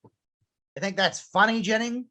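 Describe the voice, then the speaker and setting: Woman voicing a sarcastic grown male duck, mid-pitched, quick with quips. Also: fairly bright tone, highs cut off. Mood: wisecracking. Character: wisecracking adult male duck. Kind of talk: amateur script reading.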